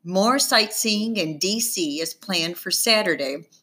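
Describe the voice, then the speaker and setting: A woman reading a children's novel aloud, her voice bright and ringing. She tells it slowly and expressively, and her pitch rises and falls freely. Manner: expressive, first-person storytelling. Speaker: audiobook narrator.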